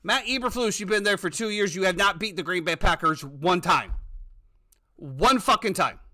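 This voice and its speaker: A man's voice: sits high, moderate pace, sharp tone. A man hosting a casual sports talk podcast, ranting with plenty of profanity. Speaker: podcast host.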